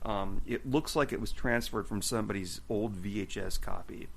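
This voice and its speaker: A man's voice: lowish voice, moderate pace, gravelly, husky. A man co-hosting a podcast, chatting casually and ranting with swearing as he recaps a TV episode. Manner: ranting, animated, swears, acts out quotes. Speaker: podcast co-host.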